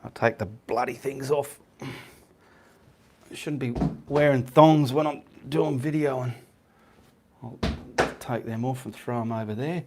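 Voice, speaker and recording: A man's voice: medium pitch, unhurried, long pauses, background noise. A middle-aged Australian man hosting a live painting stream, chatting casually with viewers and rambling, often checking in with "okay". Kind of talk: casual live-stream chat reading comments.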